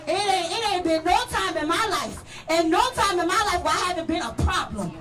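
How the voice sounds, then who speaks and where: A young woman performing spoken word poetry at an outdoor rally, rhythmic and impassioned, often shouting as her intensity rises. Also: very high-pitched, lively intonation, brisk, few pauses, recorded from a distance. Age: young adult.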